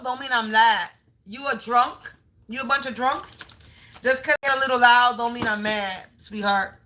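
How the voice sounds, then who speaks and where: A woman's voice: on the high side, measured pace, pushed and bright. A woman doing a live tarot card reading as a spiritual reader, taunting and scolding a commenter and repeating her phrases.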